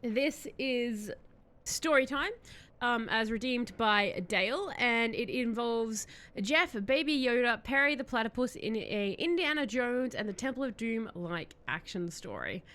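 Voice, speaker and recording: A woman's voice: a little high, expressive, measured pace, fairly bright tone. A woman streamer chatting casually and telling a rambling story, giggling often.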